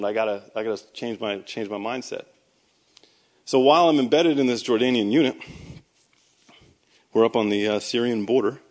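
A man, a Christian speaker, giving a personal testimony sermon in a conversational storytelling way, with sarcastic asides and emphatic bursts. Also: fairly low pitch. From United States. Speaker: Christian speaker and army veteran.

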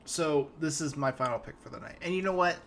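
A young male podcast host rants casually and animatedly about a film, swearing freely and stumbling through restarts as he trips over his words. His voice is a little high and a little fast, with slight background noise.

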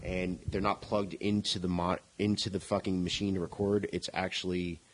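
A man's voice: deep voice, level tone, normal speed, a little hiss or hum, rough recording. Rambling, laughing guy chatting about music. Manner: rambling, laughs often, swears casually. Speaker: podcast co-host. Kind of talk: casual chat about music.

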